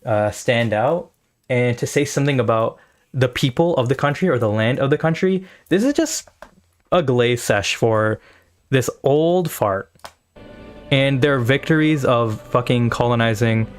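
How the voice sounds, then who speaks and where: A man's voice: mid-range voice, animated, unhurried. Casual, profane streamer man reacting live. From South Asia. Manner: casual, rambling and profane, thinking aloud. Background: faint anthem music playing.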